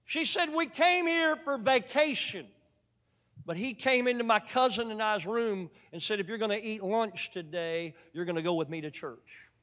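High-voiced preacher in a reverberant church. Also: male voice, moderate pace, few pauses, a bit bright. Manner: folksy, joking with the congregation. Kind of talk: sermon with storytelling. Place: church sanctuary.

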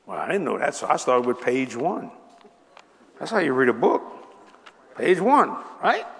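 A man in his seventies preaching a sermon to a congregation, telling humorous stories with lively asides to the people in front of him. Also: on the high side, moderate pace, vocal fry. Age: 70s. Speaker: pastor. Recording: long hall reverb.

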